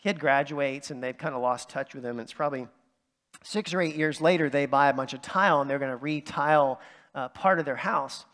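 Male pastor, relaxed storyteller, medium pitch, long church reverb. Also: fairly quick. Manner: conversational storytelling with fillers. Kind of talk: sermon. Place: church sanctuary.

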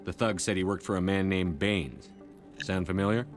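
An actor voicing a calm male military commander in a video game, speaking tersely and directly. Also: low-pitched, moderate pace, faint music behind, lightly acted.

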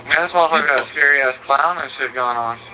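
A man's voice: a little high, quick pace, very noisy. A man in casual online game chat, talking crude slang and trash. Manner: slangy, crude, laid-back. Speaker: online gamer.

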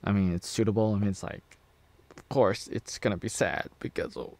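A man's voice: fairly low pitch, fairly even intonation, a little fast, darkish tone, no echo. A man in his thirties from Oregon, casually reviewing a TV episode in a meandering, rambling way with chuckling asides to himself. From USA (Oregon). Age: 30s.

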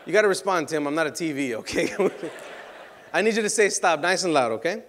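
A man performing card tricks for an outdoor crowd, joking and teasing volunteers, now and then shouting to hype them up. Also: on the high side, animated, brisk, a little hiss or hum. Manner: playful, teasing, bursts into loud hype. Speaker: street magician.

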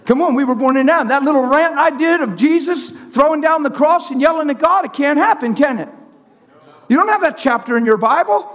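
A male preacher delivering a fervent, excitable sermon, swinging between shouting and hushed tones. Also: very high-pitched, fairly quick. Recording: reverberant hall.

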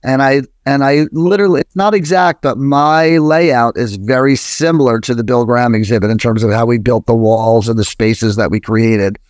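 A man in his sixties from New Jersey, talking as a podcast guest and telling a long anecdote in a loose, rambling way with lots of fillers and an occasional curse. His voice sits at an ordinary middle pitch. The sound is close and dry. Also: normal speed, few pauses, no echo. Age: 60s. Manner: rambling, frequent fillers and restarts, profane. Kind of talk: casual interview storytelling.

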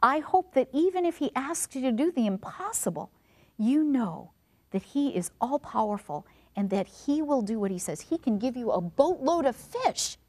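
A woman hosting a devotional talk, an expressive storyteller who sometimes drops to a soft hush for emphasis. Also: mid-range voice. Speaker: devotional and health segment host.

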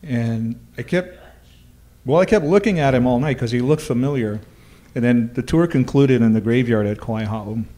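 A man's voice: mid-range voice, moderate pace, warm tone. A man with a Hawaiian accent who tells ghost-tour stories in a laid-back, dry-humored way during a casual chat recorded live in a bar. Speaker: ghost tour guide and storyteller.

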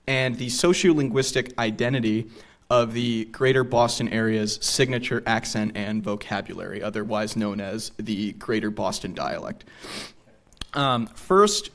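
Young male lecturer, mid-pitched, easygoing and chatty, speaking to a small theater audience. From New England. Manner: conversational, frequent ums and tag "right?". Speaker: local history lecturer. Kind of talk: public lecture with slides.

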